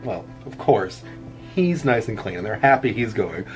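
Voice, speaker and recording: Middle-aged guy just rambling on while he draws, keeps laughing at his own jokes, soft music in the back. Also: lowish voice, expressive, moderate pace. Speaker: vlogger. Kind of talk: casual chat while drawing. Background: faint background music.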